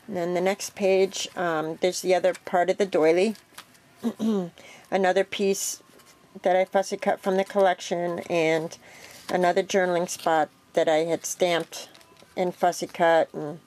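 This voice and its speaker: A woman with a slightly low voice talks through her homemade craft project in a loose, unhurried way. She fills pauses with ums and corrects herself as she goes, like a casual show-and-tell at her craft table. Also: slight background noise. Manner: relaxed, rambling with many ums and self-corrections. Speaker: craft vlogger.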